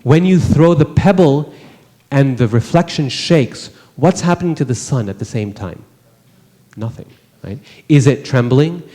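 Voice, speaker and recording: In a large temple hall, a religious teacher with a medium-pitched, mellow voice speaks expressively and unhurriedly. He teaches a scripture class conversationally, often posing rhetorical questions to his listeners.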